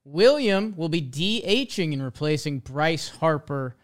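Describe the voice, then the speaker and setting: A man's voice: fairly high pitch, lively intonation, measured pace. A man co-hosting a casual sports podcast, talking in a laid-back, dry way with lots of fillers. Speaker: podcast co-host.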